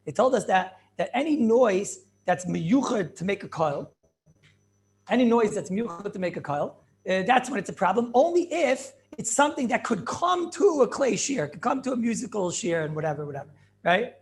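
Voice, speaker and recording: At a moderate pace, this male rabbi teaches a Talmudic class in a high, gravelly voice. His animated manner centers on asking questions and answering them himself, with frequent repeated phrases.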